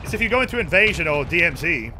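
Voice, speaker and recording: A young streamer with a fairly high, bright and forceful voice talks fast and very animatedly, with slight background noise. Playing a shooter game live, he keeps up casual, profane banter, jokes and offhand rants.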